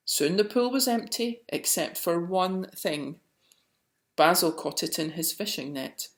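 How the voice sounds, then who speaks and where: Woman, storybook reading, low-ish voice, very slow, lively pitch, roomy echo. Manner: slow and expressive. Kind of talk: reading a picture book aloud.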